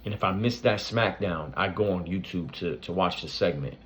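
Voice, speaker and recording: A man's voice: deep voice, moderate pace, fairly bright tone, slight background noise. A man hosting his own reaction channel, talking loosely with lots of fillers and restarts. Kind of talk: casual tribute talk to camera.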